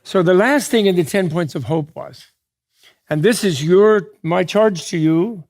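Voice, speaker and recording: Gravelly man giving a joking dharma talk. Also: high-pitched, a little mellow. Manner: digressive, joking, quick asides with laughs; self-correcting, restarts mid-thought. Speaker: Buddhist teacher.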